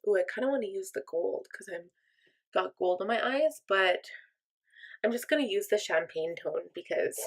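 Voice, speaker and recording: A woman's voice: mid-range voice, lively intonation, normal speed, vocal fry. A woman chatting casually through a makeup tutorial, thinking aloud and joking at her own expense. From mostly German, part Irish and Norwegian descent. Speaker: makeup vlogger.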